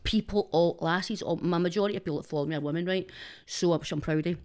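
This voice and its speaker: A woman with a broad Glaswegian accent talks on a podcast in a rambling, sweary, laughing way. Her voice sits a little low, and she talks close to a studio microphone. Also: quick pace, a little mellow. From Glasgow's East End, Scotland. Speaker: guest, social media personality. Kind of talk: casual podcast chat.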